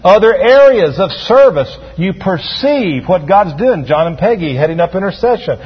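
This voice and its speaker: A man's voice: sits high, expressive, normal speed, slightly rough. A man preaching a sermon as a pastor, calling on the congregation to answer back. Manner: preaching with call-and-response to the congregation. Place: church sanctuary. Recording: dull sound with long hall reverb.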